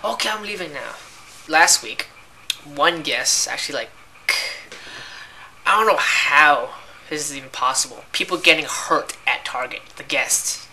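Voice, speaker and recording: A woman's voice: low voice, pushed and bright, a little hiss or hum. A young woman who works as a cashier, ranting in a casual, rambling way about annoying customers and filling her talk with "like" and "right?". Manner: exasperated, rambling, heavy use of "like" and "right?".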